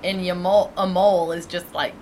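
A woman with an American accent, co-hosting a casual podcast, expressive and teasing and quick to laugh. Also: lowish voice, a little hiss or hum, low-quality recording. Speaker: podcast co-host. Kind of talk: casual banter.

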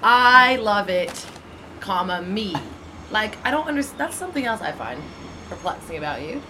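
A woman with an American accent, co-hosting a casual podcast, expressive and teasing and quick to laugh. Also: medium pitch, noisy background. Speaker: podcast co-host. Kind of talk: casual banter.

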